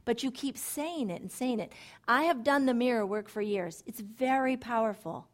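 A woman with a fairly high voice preaches to a gathering of women. She is animated and emphatic, driving points home through repetition. Now and then she drops into soft, hushed asides. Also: normal speed. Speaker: women's ministry speaker. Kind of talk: sermon-style Bible teaching.

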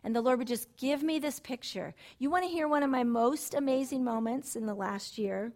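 Middle-aged woman, fairly high voice, chatty Bible teaching, personal stories, soft then emphatic. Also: moderate pace. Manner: personal storytelling, swings from soft and low to excited and emphatic.

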